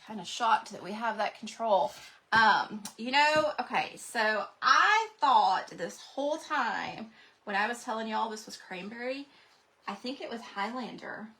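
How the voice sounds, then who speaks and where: A woman hosting a live craft stream, chatting casually to her viewers and thinking out loud as she paints. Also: on the high side, lively intonation, a little slow. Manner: rambling, talks to viewers directly. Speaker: craft livestream host.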